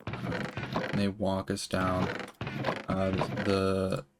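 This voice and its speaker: A man's voice: low-pitched, completely flat delivery, drawn-out words, heavy background noise. A young man telling a long story while he plays a game, rambling and swearing, with lots of filler words. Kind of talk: casual storytelling while gaming.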